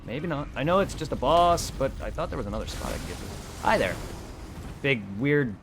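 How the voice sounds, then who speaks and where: A young man streaming a game, chatting casually in a rambling, excitable way and swearing a lot. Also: medium pitch, brisk, background noise. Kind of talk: casual gameplay commentary.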